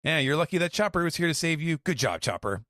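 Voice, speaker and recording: A man's voice: fairly high pitch, big pitch swings, fast, fairly bright tone, no room sound, studio quality, pitched above the performer's own voice. A man voicing a cheerful, carefree young male pirate captain. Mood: breezy. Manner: breezy, upbeat. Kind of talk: reading comic aloud in podcast.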